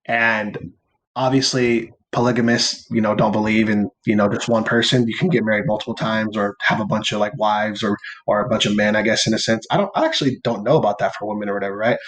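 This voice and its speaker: A man's voice: fairly low pitch, fairly even intonation, fast, a bit bright. A young man co-hosting a podcast, telling a story in a loose, rambling way, leaning on filler words and casual swearing. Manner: rambling storytelling, heavy use of "like" and "or whatever"; laid-back and playful, swearing casually. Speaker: podcast co-host. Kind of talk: casual chat.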